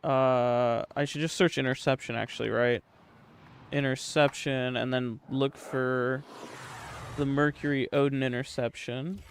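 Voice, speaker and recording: A man's voice: mid-range voice, steady tone, measured pace, a little hiss or hum. A young man streaming a game live, joking and swearing as he chats with his viewers at a desk microphone. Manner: profane, joking, talks to chat. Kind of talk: casual live-stream chat.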